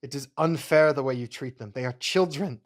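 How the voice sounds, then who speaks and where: A man voicing a caring, worried mother who speaks gently to a child and stands up to a villain. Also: mid-range voice, fairly quick, natural voice. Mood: defiant.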